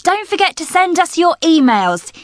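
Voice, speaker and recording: A woman's voice: very high-pitched, big pitch swings, normal speed, no room sound, studio quality. A woman co-hosting a learner podcast, cheerful and teasing in scripted presenting. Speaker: podcast co-host.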